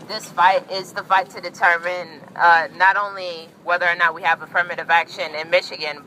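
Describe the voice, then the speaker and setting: Bright-voiced woman organizer at a street rally. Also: fairly low pitch, slight background noise, low-quality recording. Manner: rambling, many fillers. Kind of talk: speaking at an outdoor rally.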